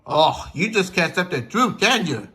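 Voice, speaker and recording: A man's voice: high-pitched, very animated, moderate pace, sharp tone, heavily acted. Man doing a blunt teasing twin engine.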